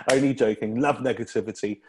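A man's voice: mid-range voice, normal speed, husky. A man, a comedian chatting as a podcast guest, rambling with lots of ums and restarts. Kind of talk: casual interview chat.

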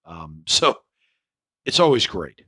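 A man hosting a podcast, speaking with a hoarse, ragged voice in a rambling way, full of fillers and restarts. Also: fairly low pitch, very animated, slow pace, sharp tone, no echo. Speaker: podcast host. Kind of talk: spoken podcast intro.

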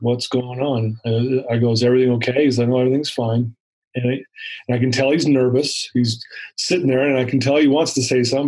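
A man recounting a personal story in an interview, animated and acting out the dialogue. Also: mid-range voice, breathy edge, low-quality recording. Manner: animated retelling with acted-out dialogue. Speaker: interview guest.

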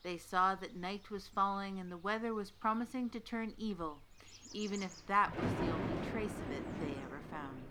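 An old witch telling a dark folktale, measured and deliberate, in a mid-pitched voice, as an actress voices her. Her storytelling is unhurried and knowing. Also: heavy background noise, lightly acted. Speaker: narrator. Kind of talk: scripted storytelling narration.

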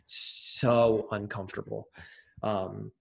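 A man's voice: on the low side, little pitch movement, slow pace, creaky. A young adult man, an interview guest, telling a personal story in casual conversation, with many fillers and restarts.

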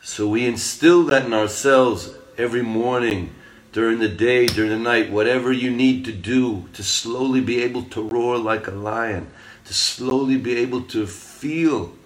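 A man's voice: mid-range voice, a little slow. Earnest man telling a spiritual parable. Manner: earnest, storytelling, rambling. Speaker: spiritual speaker.

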